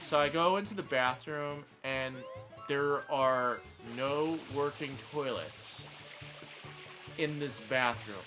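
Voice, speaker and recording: A man streaming a game, casually telling a dream story in an animated way. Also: on the high side. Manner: animated storyteller, puts on voices for quoted people.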